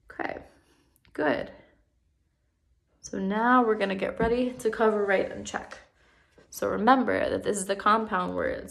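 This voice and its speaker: A woman teaching a first grade spelling lesson on video, patient and encouraging, drawing words out slowly for young children. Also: mid-range voice, creaky.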